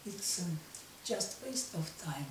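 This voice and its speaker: A Russian woman in her fifties speaks slowly in a low voice, with a strong Russian accent and halting English. She sits back from the microphone in an echoey room, with a faint hiss underneath. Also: expressive, distant mic. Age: 50s. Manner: halting non-native English, slow, many restarts. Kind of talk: personal monologue to camera.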